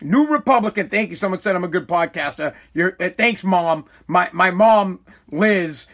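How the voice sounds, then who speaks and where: With a high, expressive, fairly bright voice at normal speed, a man runs his own podcast alone. He rambles casually through a rant, swearing and correcting himself, over a streaming live mic.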